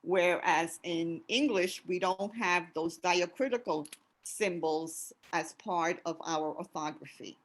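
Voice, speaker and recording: A woman's voice: lowish voice, slow pace, low-quality recording. A woman giving a webinar presentation, walking through slide points and listing examples.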